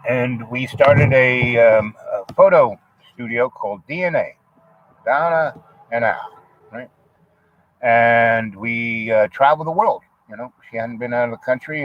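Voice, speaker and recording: A man's voice: mid-range voice, lo-fi sound, a little hiss or hum. An older man streaming a rambling, casual monologue, full of fillers and asides.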